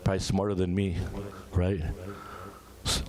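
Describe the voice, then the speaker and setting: A man in his thirties giving an emotional religious sermon, moving from casual asides to the audience into high, pleading retold prayers. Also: completely flat delivery, a little slow, a crowd in the background. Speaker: majlis speaker.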